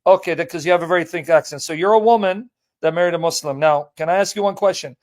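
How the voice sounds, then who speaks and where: A man's voice: on the high side, fast talker, darkish tone. A man hosting a live call-in debate stream, talking in a blunt, joking, casual way.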